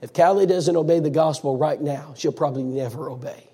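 A man preaching a sermon as a dramatic story, swinging between loud and hushed. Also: on the high side, fairly quick, slightly rough, big-room sound.

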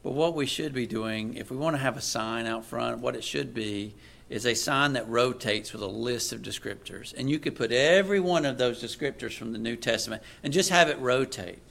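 A man preaching a sermon, moving from quiet asides to loud, emphatic readings of scripture. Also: mid-range voice, normal speed, gravelly.

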